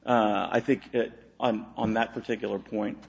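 Man from Texas, attorney, courtroom argument, very gravelly, flat delivery, dull lo-fi sound. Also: lowish voice, normal speed. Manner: hesitant, many fillers and restarts. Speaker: attorney arguing an appeal.

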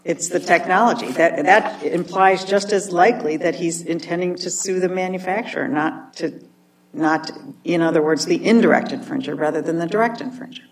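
Low-voiced woman judge, skeptical, from a distance. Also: moderate pace. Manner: skeptical, pointed questioning. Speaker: appellate judge. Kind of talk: questioning counsel from the bench. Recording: distant mic with faint noise.

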